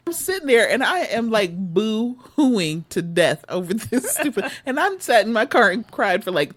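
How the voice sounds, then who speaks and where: Animated, lively-voiced woman storyteller. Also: medium pitch, moderate pace, hardly any pauses. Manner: animated, laughs often, swears freely. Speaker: podcast co-host. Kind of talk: casual storytelling chat.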